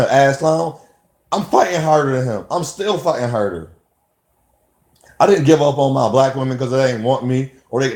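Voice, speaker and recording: A man talks straight to camera in a loose, rambling monologue at an ordinary middle pitch, often slipping into quoted back-and-forth exchanges. His voice rings around a hard, echoey room. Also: darkish tone. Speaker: vlogger. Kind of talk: casual spoken monologue.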